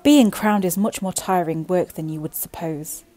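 A woman storyteller reading a bedtime story aloud in an expressive, gentle way. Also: fairly low pitch, moderate pace.

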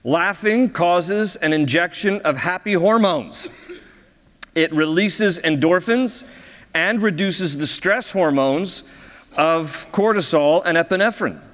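Preaching slowly in a notably high, slightly bright voice, this pastor fills his sermon with humorous stories. He laughs at them often and cheerfully, while the sanctuary's long reverb hangs around his words.

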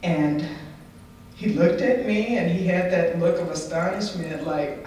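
A woman's voice: fairly low pitch, unhurried, warm tone, a little hiss or hum. Middle-aged woman, candid and funny conference storyteller; distant mic, big reverberant room. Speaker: conference speaker. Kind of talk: inspirational personal story talk. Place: large conference hall. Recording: echoey hall, distant mic.

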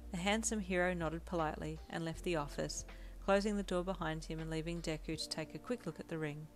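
Low-voiced woman narrating a story. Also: fairly even intonation, fairly quick. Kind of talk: second-person fan audio story narration. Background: soft lo-fi piano backing music.

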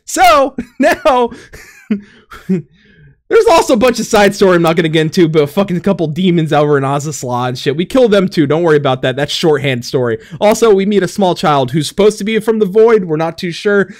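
A man's voice: sits high, animated, moderate pace. A young man on a gaming podcast recapping a story in casual chat, rambling, swearing and laughing often, and a little out of breath. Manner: rambling, profane, laughing often, acts out characters.

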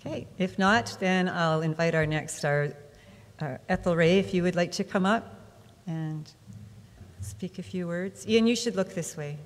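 A woman's voice: on the low side, a little slow. A woman emceeing a church retirement lunch, informally inviting people up to speak. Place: church hall. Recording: reverberant hall with faint noise.

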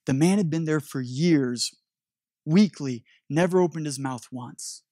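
A man's voice: on the high side, unhurried, mellow, no room sound, studio quality. A man preaching a sermon as a pastor, telling a story animatedly with frequent restarts.

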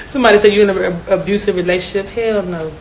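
A woman's voice: mid-range voice, racing. A young woman telling stories in a casual chat, brash and profane, often laughing. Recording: echoey room with faint noise.

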